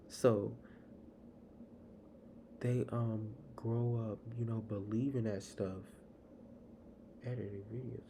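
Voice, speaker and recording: A man's voice: lowish voice, level tone, very slow, long pauses, darkish tone. A young man hosting a live podcast, talking in a rambling, casual way. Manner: rambling, casual, fillers and restarts. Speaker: podcast host. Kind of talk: solo podcast monologue. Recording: noisy live stream audio.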